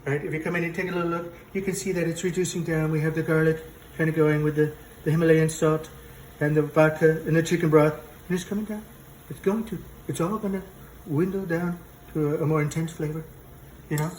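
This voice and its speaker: A man's voice: fairly high pitch, fairly even intonation, fast, slight background noise, close to an everyday voice. A man playing a boastful, rambling president who hosts a cooking show in a comic parody, talking in a kitchen. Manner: bragging, rambling, self-contradicting. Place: home kitchen. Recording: echoey kitchen, mic from a distance.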